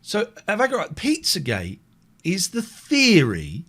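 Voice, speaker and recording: A man hosting a late-night live-stream show, chatting casually in a rambling, animated way and often correcting himself. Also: high-pitched, a little slow, husky.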